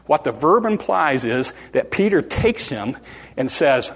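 A man with a somewhat high voice preaches to his congregation in a casual, conversational way. He stumbles, repeats words and restarts his sentences as he explains a passage. His voice rings with the long reverb of a church hall. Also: very animated, measured pace, husky. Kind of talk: informal sermon with Bible teaching.

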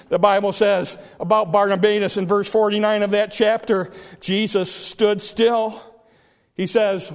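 A man delivers an impassioned sermon in a high voice. He keeps repeating his phrases and bursts into loud cries when he acts out the scripture stories. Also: fairly even intonation, moderate pace. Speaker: preacher.

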